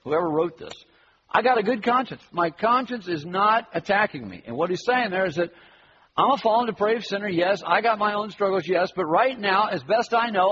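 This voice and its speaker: A middle-aged male pastor preaching a sermon emphatically, swinging between loud stress and hushed asides. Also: on the high side, long reverb tail, dull audio, a little hiss or hum. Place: church sanctuary.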